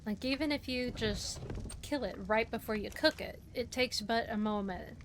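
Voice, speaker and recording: A woman streamer chatting gently and casually with her partner while gaming. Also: fairly high pitch, normal speed, noisy background. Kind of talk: casual chat during a game stream.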